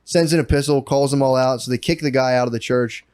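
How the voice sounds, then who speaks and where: A man's voice: medium pitch, fast, clean tone, no room sound, clean studio sound. A man co-hosting a comedy podcast, telling a story with lots of swearing and acting out the people in it. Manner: animated storytelling full of swearing, acting out quotes. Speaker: podcast co-host. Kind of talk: casual comedic podcast chat. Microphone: podcast mic.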